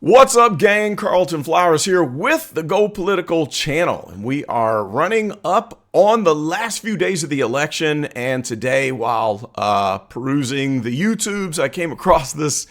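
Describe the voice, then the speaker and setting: Lively-voiced man hosting a commentary channel. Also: on the high side, unhurried, hardly any pauses. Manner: chatty, laughs easily, asks viewers for opinions. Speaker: political commentary channel host. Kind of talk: casual commentary to camera.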